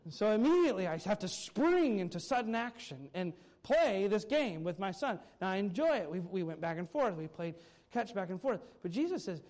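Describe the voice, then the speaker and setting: A male pastor delivers a sermon with a high-pitched voice for a man. He talks animatedly, rising to loud emphasis on key points and dropping to quiet asides. When he gets excited he repeats words. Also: a little fast.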